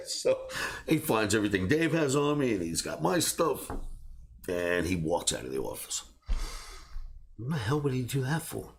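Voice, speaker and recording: A man hosting a trading show, telling a personal story in a casual, animated way and laughing between beats. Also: mid-range voice, normal speed, long pauses. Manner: animated, laughs through his own stories. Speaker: trading academy host.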